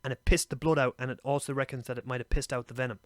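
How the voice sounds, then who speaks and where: A young Irish man co-hosting a podcast, telling animal stories in a lively casual way and swearing freely. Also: mid-range voice, racing, no echo, clean studio sound. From Ireland. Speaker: podcast co-host. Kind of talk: casual chat.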